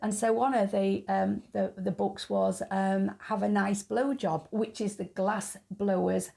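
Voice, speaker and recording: A woman's voice: mid-range voice, flat delivery, a little slow, vocal fry, dark tone. A woman hosting her own channel, talking frankly in a chatty opinion monologue and laughing at her own jokes. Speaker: YouTube channel host.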